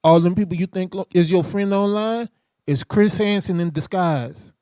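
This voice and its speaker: Wry co-host man, fairly high voice. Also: normal speed, dark tone, dry recording, studio quality. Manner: wry interjections, reads scripture aloud. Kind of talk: religious teaching discussion.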